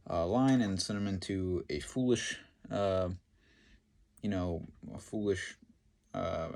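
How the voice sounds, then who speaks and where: Low-voiced man retelling a Bible story. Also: creaky, darkish tone. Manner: halting, filler-heavy delivery. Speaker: Bible teacher.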